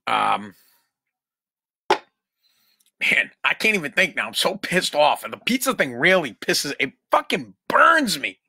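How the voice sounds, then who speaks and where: A man's voice: fairly high pitch, sing-song, unhurried, gravelly, pauses often, background noise. A man hosting a solo podcast from home, ranting in a profane, exasperated way. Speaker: podcast host.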